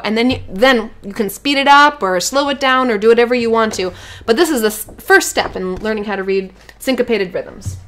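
A woman's voice: medium pitch, fairly bright tone. A woman teaching a children's rhythm lesson, chanting rhythm syllables and encouraging the class. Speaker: music teacher.

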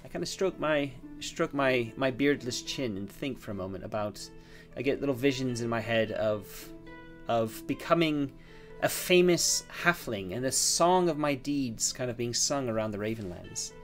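A man's voice: mid-range voice, lively intonation, moderate pace, soft background music. A man narrating his own solo tabletop role-playing game, thinking aloud with many fillers and restarts. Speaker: solo game master and player.

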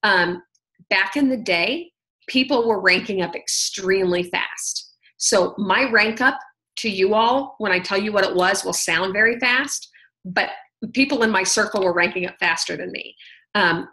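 A woman tells her own story on a team conference call. She speaks in a bright, slightly tense voice and runs on chattily with lots of "like" and "oh my gosh". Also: mid-range voice, moderate pace, rough recording. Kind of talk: personal testimony on a conference call.

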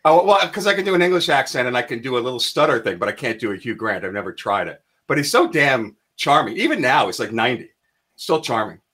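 A man co-hosting a casual recruiting talk show, excitable and teasing, often stumbling and restarting mid-sentence. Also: medium pitch, fast talker. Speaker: podcast co-host, recruiter. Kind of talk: casual chat.

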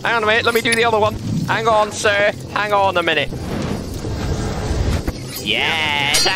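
A man giving excitable, joking gameplay commentary as host of his own channel, laughing often and playing around with his lines. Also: sits high, unhurried, gravelly, long pauses. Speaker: gaming host. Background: background music.

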